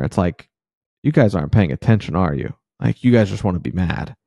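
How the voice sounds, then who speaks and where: A man's voice: low voice, brisk, gravelly, no echo, lo-fi sound. A man co-hosting a casual sports podcast who breaks down rotations and pushes back on critics. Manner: analytical, steady, annoyed at critics. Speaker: podcast co-host.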